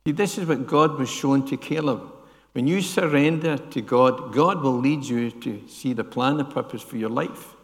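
An older man delivers a sermon in a church, his voice gravelly. He keeps turning to the congregation with questions and little "yeah?" checks. The sound carries a long reverb from the hall. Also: medium pitch, moderate pace. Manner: asks the congregation questions, adds "yeah?" tags. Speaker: preacher.

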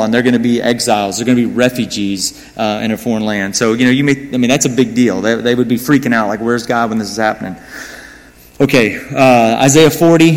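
An American man preaching a sermon, conversational and self-mocking, with asides to the congregation. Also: medium pitch. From United States. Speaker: pastor. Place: church hall. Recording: long hall reverb.

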